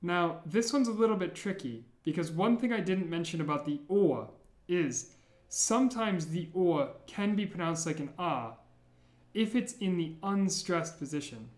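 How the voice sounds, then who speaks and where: In an echoey room that makes his voice ring off the walls, a language teacher with a fairly high, darkish voice gives a beginner lesson. At normal speed and with expression, he patiently spells out each sound and repeats it.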